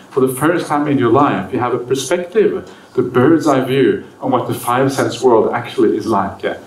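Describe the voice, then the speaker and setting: A man's voice: mid-range voice, far from the mic. A monk's voice, set back from the microphone in a roomy hall, telling stories in an easy, chatty way. He keeps checking in with "yeah?" and slips into the voices of his characters. Faint room noise sits under the talk. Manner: relaxed, chatty, frequent "yeah?" and "uh"; acts out the characters in stories with lively voice changes. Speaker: monk teaching a retreat. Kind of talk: Dharma talk.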